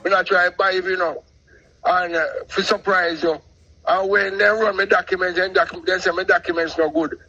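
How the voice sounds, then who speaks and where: Animated Jamaican man in patois. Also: sits high, a little fast, lo-fi sound. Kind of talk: casual storytelling on a call-in show.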